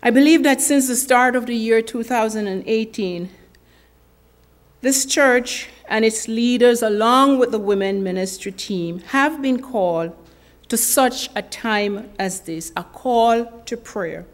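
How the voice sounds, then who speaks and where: A woman preaching a sermon, measured and earnest, leaving long pauses for effect. Her voice sits a little high, and she takes her time over every phrase. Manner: slow, deliberate and earnest, with dramatic pauses. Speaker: speaker at a women's ministry gathering.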